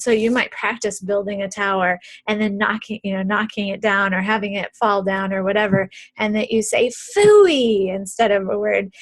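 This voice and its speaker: A woman's voice: mid-range voice, dry recording. Chatty woman teaching parents, dry sound. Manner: conversational, many ums and restarts. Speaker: early childhood educator. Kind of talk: video tutorial for parents.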